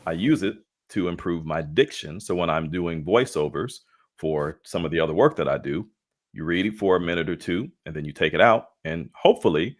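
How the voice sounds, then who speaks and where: A leadership coach co-hosting a casual webinar speaks in a low, expressive voice, a little fast. He's playful and jokey, mixing slang asides with talk of faith.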